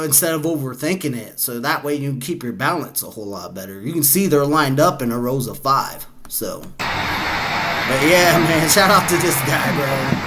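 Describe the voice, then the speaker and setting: A man talks through a run of internet clips in a loose, easygoing way, laughing as he goes and tossing in "bro". His voice sits a bit high for a man and sounds bright and tense, like a chatty reaction host. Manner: chatty and laid-back, laughs often, says "bro". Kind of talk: casual chat reacting to clips.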